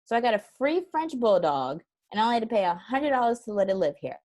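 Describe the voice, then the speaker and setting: A woman's voice: a little high, fast. A woman guest on an interview show, telling stories in casual chat, acting out what people said and laughing often. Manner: animated storyteller who acts out quoted voices; laughs often while talking. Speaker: guest, transformation strategist.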